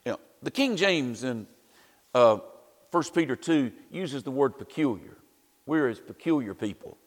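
A man's voice: medium pitch, expressive, unhurried, in a large hall. A man preaching a sermon in a conversational way, with wry asides and frequent "you know"s.

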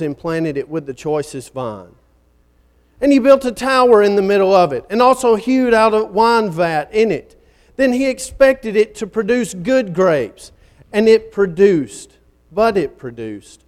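A man's voice: sits high, darkish tone. A man preaching a sermon in a dramatic style, building up and then falling nearly silent at the ends of phrases.

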